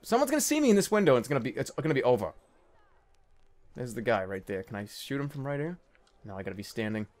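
A young man commentating a stealth game he is playing, jittery and excitable, with nervous laughs and yelps. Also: mid-range voice. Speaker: gaming video host. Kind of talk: let's play commentary.

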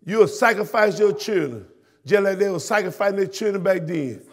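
A male pastor with a Southern US accent, preaching a fiery sermon that swings from shouted peaks to hushed drops. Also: high voice, animated, moderate pace, husky. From Florida, US.

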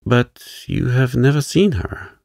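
A man's voice: medium pitch, slow pace, vocal fry, darkish tone, no echo, clean studio sound, voice pushed up. A man voicing a poised, spirited young woman.

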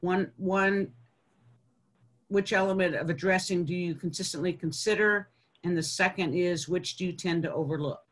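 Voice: mid-range voice, steady tone, moderate pace. A webinar co-host clarifying the poll questions, with hesitant restarts. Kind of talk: webinar moderation.

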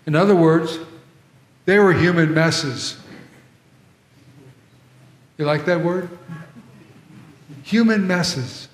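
A man's voice: fairly high pitch, fairly even intonation, takes it slowly, long pauses. A male pastor preaching a sermon in a church, conversational, with asides to the congregation. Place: large church sanctuary. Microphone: troublesome handheld or body mic. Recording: echoey church hall with long reverb.

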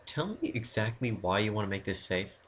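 A man doing casual gaming commentary as co-host, with a dry, deadpan delivery. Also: on the low side, fairly quick, a little hiss or hum. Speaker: co-host gamer.

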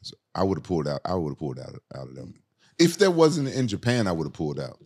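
A man's voice: sits low, quick pace, husky. A middle-aged man, a fighter guest, telling stories in casual chat with lots of swearing. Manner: animated, profane storytelling.

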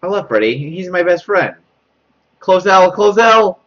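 A man's voice: very animated, unhurried, a bit bright. A young man streaming a horror game live, panicking, laughing nervously and repeating himself as he reads chat aloud. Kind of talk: live gameplay commentary. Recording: dull low-quality mic.

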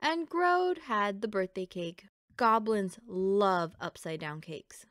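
A woman reading a children's picture book aloud in a gentle, expressive storytelling voice, close to the mic. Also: medium pitch, slow, no echo. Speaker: storybook reader.

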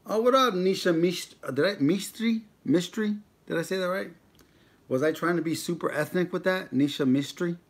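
A man's voice: sits high, brisk. A young man casually chatting with viewers on a live stream, joking around and reading out viewer names as he goes. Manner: joking, banters with chat, reads out viewer names. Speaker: mukbang vlogger on a livestream.

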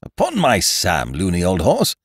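A man voicing an excitable, blustering young English schemer who stammers and bursts out indignantly. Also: sits low, a little slow, husky, no echo, clean studio sound, exaggerated voice. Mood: stammering.

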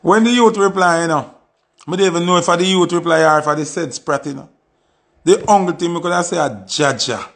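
A man's voice: fairly high pitch, a little fast, fairly bright tone. A man with a Jamaican accent delivering an impassioned, pleading monologue with lots of repetition. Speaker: artist giving commentary.

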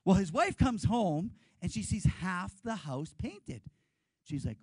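A male pastor giving a lively sermon, telling stories and leading the congregation in call-and-response. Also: high voice, takes it slowly, husky, no room sound, low-quality recording.

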